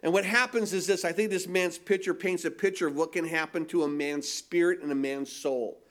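A man's voice: fairly high pitch, steady tone, brisk, a bit bright. A man preaching a sermon, emphatic, repeating phrases and asking the congregation rhetorical questions. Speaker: pastor.

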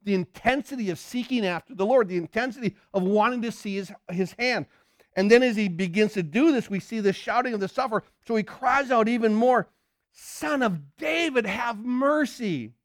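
A male preacher delivers a lively sermon in a fairly high voice. He throws rhetorical questions at his listeners and swings between loud bursts and hushed lines. The recording is dry and close. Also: a little fast, no room sound. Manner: animated, acts out shouts and crowd voices.

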